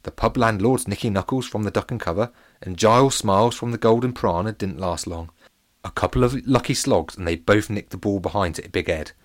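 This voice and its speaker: Lower-voiced man reading a playful children's story. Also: brisk, dry recording, studio quality. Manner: playful, animated, comic.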